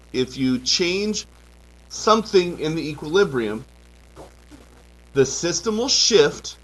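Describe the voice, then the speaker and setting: A man's voice: on the high side, a bit bright, low-quality recording. A man teaching a chemistry class, lecturing with frequent "okay" checks and dry joking asides. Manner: drills key terms, frequent "okay" checks. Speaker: high school chemistry teacher.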